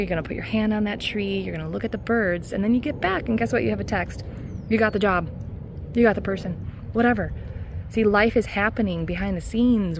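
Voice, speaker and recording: A woman hypnotherapist talking casually in a self-help vlog, earnest and encouraging, with soft laughs. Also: mid-range voice. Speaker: hypnotherapist and mindset coach.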